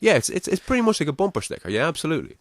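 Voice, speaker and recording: A man with a Navan Irish accent hosting a casual podcast chat, thinking out loud and swearing freely. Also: on the high side, big pitch swings, racing, dry recording, studio quality. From Ireland. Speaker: podcast host.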